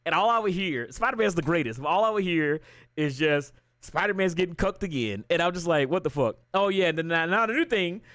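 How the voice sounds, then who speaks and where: A man with a slightly high voice, recorded dry with clean studio sound, chats casually on a livestream. He rants profanely as he retells a story, animated throughout.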